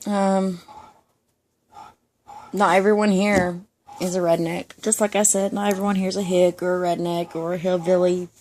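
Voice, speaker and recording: A woman's voice: on the low side, flat delivery, normal speed, pauses often, darkish tone, a little hiss or hum. A young woman from Georgia with a Southern Georgia accent, chatting casually and emphatically in an ASMR vlog. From Georgia, USA. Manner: chatty, emphatic, frequent "definitely" and "like". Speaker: ASMR vlogger.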